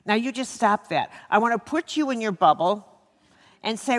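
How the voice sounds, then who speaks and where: Speaking to an audience in a lecture hall with long reverb, a woman delivers a live talk about healing. She jokes with the crowd and repeats words to stress them, her voice on the high side, expressive and moderately paced.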